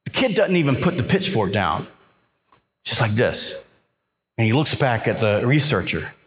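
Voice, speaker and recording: A man giving an energetic motivational speech to a live audience in a conference hall, telling stories and urging listeners to work hard. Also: medium pitch, moderate pace. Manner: energetic storytelling with repeated restarts and emphatic exhortations. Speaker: motivational keynote speaker.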